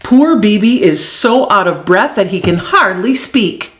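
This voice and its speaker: A woman reading a children's animal story aloud in an expressive, sing-song way. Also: medium pitch, unhurried, noisy background.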